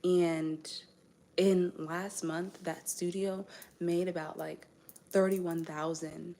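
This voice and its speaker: Gravelly-voiced woman chatting on a live stream. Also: lowish voice, flat delivery, slow, warm tone. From United States (raised in Indianapolis). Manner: chatty, answers viewer comments, laughs often. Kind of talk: casual live-stream chat.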